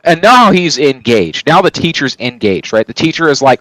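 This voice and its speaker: A man's voice: a little high, very animated, normal speed, few pauses, fairly bright tone, dry recording, rough recording. A man streaming and telling a long story in casual chat, rambling and swearing, often checking in with "right?". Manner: rambling, profane, keeps asking "right?".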